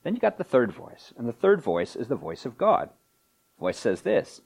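Male pastor, lively pitch, sermon delivery with dramatic quoted voices. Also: a little fast. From Canada. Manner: animated, acts out quoted voices with wide pitch swings.

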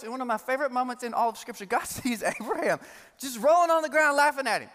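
A man preaching a sermon in a loose, joking, conversational style. His voice is high for a man, and it rings out with a long hall reverb. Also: fast talker. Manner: humorous, conversational, animated preaching. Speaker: pastor.

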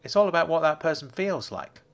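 Older male impostor, steady and explanatory, as a male reader puts him on. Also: fairly high pitch, a little fast, voice pushed up. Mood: explaining. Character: older male con artist and impersonator, calm.

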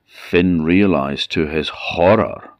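A man from the Orkney Islands with an Orkney Scottish accent, telling a folk tale in a lively, dramatic way. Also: sits low, takes it slowly, dry recording, studio quality. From Orkney Islands, Scotland. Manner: lively, shifts volume for drama. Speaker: storyteller.

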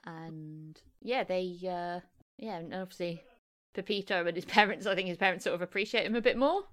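A woman co-hosting a podcast, recapping a film in a relaxed, chatty way with lots of fillers. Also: lowish voice, moderate pace. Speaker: podcast co-host. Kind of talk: casual chat.

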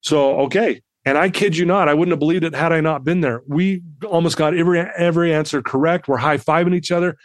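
A man in his fifties, a podcast guest telling a personal story in an animated way and acting out the people in it. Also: on the high side, quick pace, hardly any pauses, dry recording.

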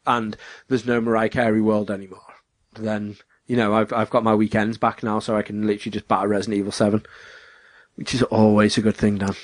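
A man's voice: fairly low pitch, fairly quick, no room sound. Young guy ranting about a game, jumps into silly voices, dry close sound. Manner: animated, acts out characters in raised voices. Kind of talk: casual chat about video games.

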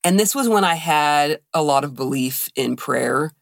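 Woman podcast co-host, animated storyteller acting out quoted dialogue, dry close sound. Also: low-pitched, a little slow, vocal fry, dry recording. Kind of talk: casual storytelling chat.

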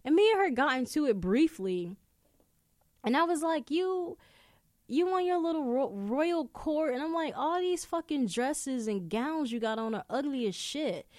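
A young adult woman hosting a podcast, telling stories in casual chat, animated and swearing freely. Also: high voice, measured pace, no echo, clean studio sound. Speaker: podcast host. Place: indoor room.

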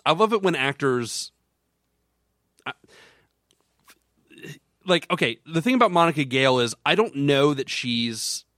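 A man co-hosting a podcast, rambling and animated as he retells film scenes in casual chat. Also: on the high side, a little slow, long pauses, no room sound, clean studio sound. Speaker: podcast co-host.

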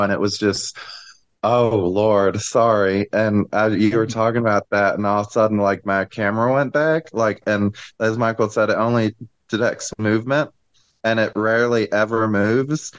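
A man's voice: on the low side, steady tone, moderate pace, smooth, lo-fi sound. A man on a video call in a casual group chat, rambling and apologizing as emotion overwhelms him.

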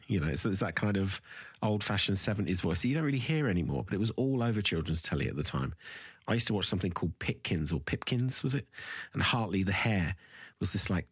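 A man's voice: sits low, expressive, quick pace, husky, dry recording. A middle-aged man hosting a podcast in casual voice messages, rambling loosely and swearing now and then. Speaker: podcast host.

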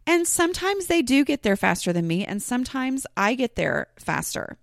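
A woman's voice: a little high, very animated, moderate pace, gravelly, no room sound, clean studio sound. A woman hosting her own podcast, talking casually and rambling, with many fillers and restarts. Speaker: podcast host. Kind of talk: casual solo podcast talk.

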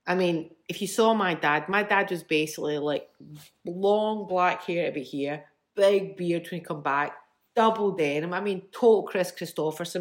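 A woman in her fifties, a musician telling stories from childhood in a chatty, animated way with bursts of laughter. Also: fairly low pitch. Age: 50s. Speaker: guest, musician. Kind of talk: casual storytelling.

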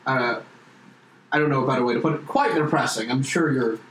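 A man playing a tabletop game, speaking in a sheepish, animated way. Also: medium pitch, fairly quick, a crowd in the background. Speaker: player. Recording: echoey room, faint noise.

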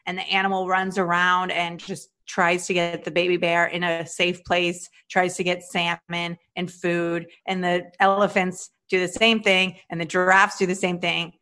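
A woman in her thirties, a stand-up comedian co-hosting a podcast, chatting casually with animated storytelling, swearing freely and acting out quoted voices. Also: fairly low pitch, moderate pace, few pauses. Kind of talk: casual chat.

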